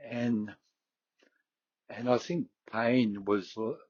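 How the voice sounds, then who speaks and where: Middle-aged Aussie host from Queensland, low husky voice, chatty and halting, muffled close mic. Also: steady tone, a little mellow, no room sound. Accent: Queensland Australian. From Queensland, Australia. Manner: rambling, hesitant, many fillers and restarts. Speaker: fitness podcast host. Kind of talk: casual solo talk.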